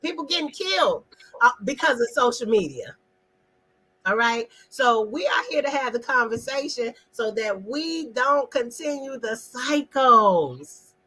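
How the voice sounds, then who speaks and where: A woman's voice: a little high, expressive, measured pace, bright, forceful tone, slightly rough, poor audio. A woman hosting an online live talk, speaking emphatically in a casual, preachy way and addressing viewers in the chat. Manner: emphatic, preachy, asks the audience questions; talks directly to viewers in the chat.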